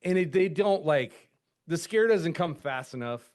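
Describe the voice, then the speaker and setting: A man in his thirties co-hosting a casual podcast, animated and swearing, calling his friend "dude". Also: on the high side, a little slow. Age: 30s. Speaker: podcast co-host. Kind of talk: casual chat.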